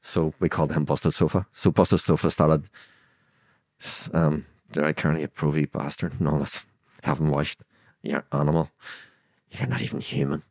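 A man's voice: a bass voice, little pitch movement, normal speed, darkish tone, dry recording, studio quality. A man in his sixties with a Belfast accent, a podcast guest retelling events bluntly and acting out the dialogue as he goes. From Northern Ireland. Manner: vivid retelling that acts out quoted dialogue; blunt, swears freely. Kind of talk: storytelling interview.

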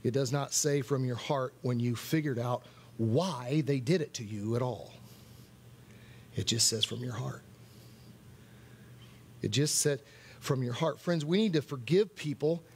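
A man's voice: mid-range voice, a little slow, pauses often, slight background noise. A man preaching at a worship night, earnest, repeating key phrases for emphasis. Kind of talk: sermon.

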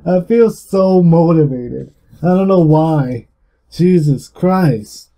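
A young man narrates his gameplay in a loose, rambling way, peppered with swearing. His voice sits slightly high yet sounds dark and mellow, and he talks at an unhurried, slow pace, with an energetic, louder-than-usual push. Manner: rambling and heavily profane. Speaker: gaming YouTuber. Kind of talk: casual gameplay commentary.

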